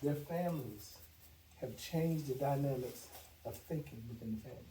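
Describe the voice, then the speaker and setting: A man's voice: mid-range voice, normal speed, mellow. A man giving a sales training talk, emphatic and repetitive, often checking in with "okay?". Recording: echoey room from far off, noisy.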